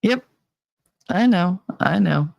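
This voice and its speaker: Gravelly, lowish, and slow, this female podcast host's voice comes through a dry recording. She tells stories in a casual, chatty, animated monologue, swearing freely, laughing, and squealing acted-out quotes.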